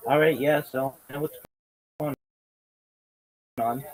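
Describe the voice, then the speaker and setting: Man, livestream host, drawn-out slangy and profane chatter, mid-pitched. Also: steady tone, low-quality recording. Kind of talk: casual livestream chat.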